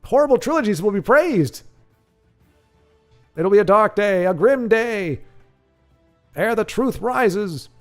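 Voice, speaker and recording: Brief: man voicing an evil warlord, solemn and theatrical, pitched up and projecting loudly. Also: expressive, slow pace, long pauses, faint music behind, heavily acted. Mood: ominous. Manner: solemn, theatrical, archaic phrasing. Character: grim evil male warlord giving a battle speech.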